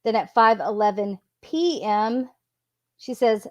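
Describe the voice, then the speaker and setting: Slow-talking woman reading messages. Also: on the high side, expressive, a little mellow, highs cut off. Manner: unhurried, reads quotes in a plain voice. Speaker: true crime commentator. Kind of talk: reading messages aloud with commentary.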